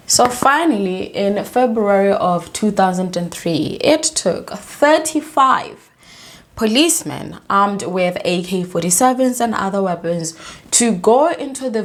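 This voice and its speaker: A woman tells a true story in a loose, conversational way, leaning hard on key words and tossing in indignant asides. Her voice sits at an ordinary middle pitch for a woman. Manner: casual, emphatic, indignant asides. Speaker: video host. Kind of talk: true-story narration to camera.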